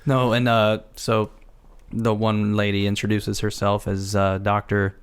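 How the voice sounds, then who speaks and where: A man's voice: on the low side, completely flat delivery, measured pace, smooth. Rambling male podcast co-host. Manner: rambling, retells scenes with restarts. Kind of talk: casual chat reviewing a film.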